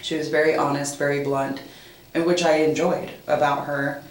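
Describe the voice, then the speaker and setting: A woman being interviewed as a mother, giving a halting personal account with many pauses and fillers. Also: sits low, flat delivery, reverberant, low-quality recording.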